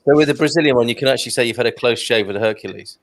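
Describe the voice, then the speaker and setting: A man's voice: medium pitch, very fast. A host of a casual online chat show with a mid-range voice. He trades jokes with his guests and reads out comments from viewers. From Britain.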